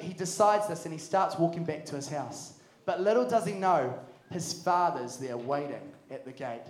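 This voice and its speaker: High-voiced New youth preacher. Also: male voice. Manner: energetic, jokey storytelling. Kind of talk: sermon. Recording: echoey hall.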